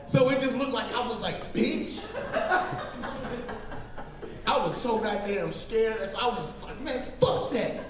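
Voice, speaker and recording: A man from Middletown, Ohio doing open-mic stand-up in a small bar, telling profane, animated stories with shouted asides to the crowd, recorded on a phone set down near the stage. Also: sits high, moderate pace, hardly any pauses. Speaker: stand-up comedian. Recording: roomy bar recorded from far off, faint noise.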